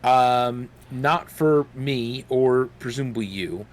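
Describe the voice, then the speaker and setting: A man's voice: mid-range voice, takes it slowly. A young man co-hosting a casual gaming podcast, rambling with lots of fillers while chewing gum. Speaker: podcast co-host.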